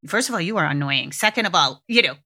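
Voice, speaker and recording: A woman's voice: fairly low pitch, lively intonation, quick pace, pushed and bright. A middle-aged woman hosting a parenting podcast, talking candidly and swearing freely in a casual monologue.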